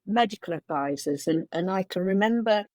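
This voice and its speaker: A woman's voice: mid-range voice, lively intonation, moderate pace, a little mellow, dry recording. A middle-aged woman, a makeup designer, answering interview questions with earnest storytelling and frequent restarts.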